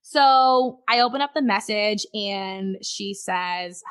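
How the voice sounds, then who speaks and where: A woman's voice: mid-range voice, slow pace, few pauses, a bit bright, clear, resonant tone. A woman guest on a podcast, frankly telling a personal story in conversation and swearing freely.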